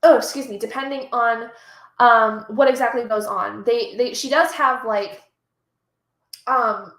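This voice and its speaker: A woman's voice: a little high, unhurried, a bit bright, roomy sound. A woman hosting a reading live stream, chatting casually, reading chat aloud and getting emotional and gushing.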